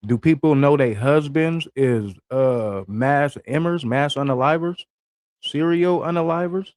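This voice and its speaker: A man's voice: a little high, measured pace, darkish tone, no echo. Blunt, slangy young man streamer. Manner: blunt, slangy, asking the chat questions. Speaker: livestream reaction host. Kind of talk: casual livestream commentary.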